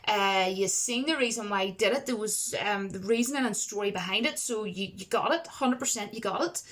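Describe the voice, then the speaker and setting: A woman's voice: mid-range voice, brisk, a bit bright. A woman giving a casual, rambling film review to camera. She talks emphatically and uses a lot of fillers.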